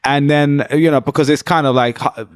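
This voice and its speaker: A man's voice: a little high, moderate pace, clear, resonant tone, dry recording. Man, podcast co-host, laughs a lot, dry close mic. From England. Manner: laughs often, lively storyteller. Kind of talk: casual chat.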